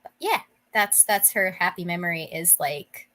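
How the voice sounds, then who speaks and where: A woman's voice: lowish voice, normal speed, bright, forceful tone. A young woman as game master, describing a scene in a tabletop game in a rambling way, full of fillers and restarts.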